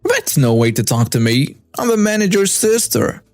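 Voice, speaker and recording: An entitled middle-aged woman shopper who whines and demands in a high, swooping voice, as a male storyteller puts her on. The audio is dry and close, with faint music underneath. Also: sing-song, moderate pace, a little mellow, no echo. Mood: threatening. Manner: indignant, demanding.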